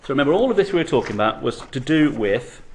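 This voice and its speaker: A man's voice: mid-range voice, sing-song, fast, a little hiss or hum. A man lecturing on physics to university students, explaining step by step and often checking in with "okay?".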